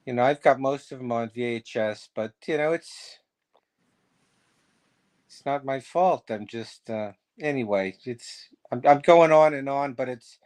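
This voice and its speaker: A man's voice: mid-range voice, a little slow, a little mellow. Rambling man telling a show-business story. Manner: rambling, trails off with fillers. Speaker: guest impressionist. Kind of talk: casual chat, storytelling.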